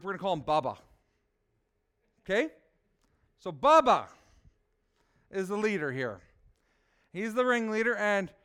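A male pastor delivers a sermon in a high, smooth voice. He leans on rhetorical questions, dropping low and quiet, then rising to loud, emphatic points. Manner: rhetorical, asks "right?", swings soft to loud.

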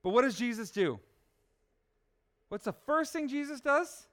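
A male pastor delivers a sermon in a high, smooth voice. He leans on rhetorical questions, dropping low and quiet, then rising to loud, emphatic points. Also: expressive, unhurried. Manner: rhetorical, asks "right?", swings soft to loud.

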